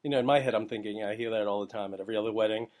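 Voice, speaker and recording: A man hosting a podcast about photography, talking in a casual, animated, rambling way and slipping into quick voices of other people. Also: fairly low pitch.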